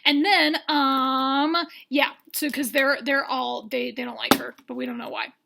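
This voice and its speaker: High, gravelly-voiced rambling woman. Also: steady tone, unhurried, background noise. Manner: rambling, sarcastic, lots of fillers. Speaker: vlogger recapping a dating show. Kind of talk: comedic recap.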